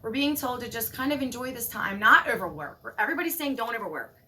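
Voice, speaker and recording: A woman giving a casual spiritual monologue, animated and emphatic, swearing casually. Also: fairly high pitch, fast talker. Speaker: spiritual vlogger.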